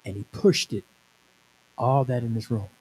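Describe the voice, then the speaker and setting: A man's voice: mid-range voice, normal speed, darkish tone, poor audio. A man in his sixties, a minister, telling a personal testimony at a conference in a conversational, emphatic storytelling way. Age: 60s. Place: conference venue.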